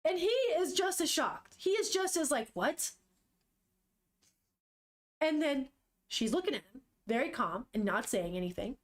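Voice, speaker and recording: A woman casually reading a manga aloud, narrating the panels and breaking in with excited, swearing exclamations of surprise. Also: sits high, normal speed. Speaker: manga reader, streamer. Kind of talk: casual read-aloud with reactions.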